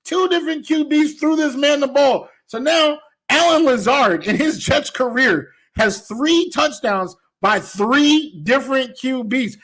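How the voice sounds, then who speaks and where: High-voiced, excitable male co-host. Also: unhurried, few pauses. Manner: excitable, playful, laughs often. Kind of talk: casual sports talk show.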